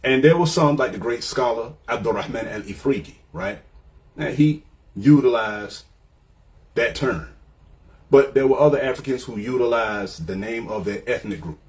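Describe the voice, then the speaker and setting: A man's voice: medium pitch, normal speed. A man giving an informal lecture, explaining point by point and often checking in with "right?". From United States. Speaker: commentator.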